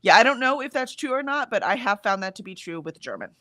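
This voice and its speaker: A woman's voice: a little high, sing-song, fast, pushed and bright, no room sound. An American woman with a general, accentless American voice, chatting casually on a livestream, reading out chat comments with frequent ums. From United States. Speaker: livestream co-host.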